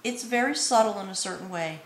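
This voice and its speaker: An earnest woman gives a tarot reading at a medium pitch for her sex, wandering from thought to thought and pausing to check in with her listener. She sounds faintly choked up, as if moved. The voice rings in a roomy, echoey space over a faint background hum. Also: animated. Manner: meandering, earnest, frequent "okay?" check-ins; emotional, a little choked up. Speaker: tarot reader. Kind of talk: spoken tarot reading to viewers. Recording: echoey room with faint ambience.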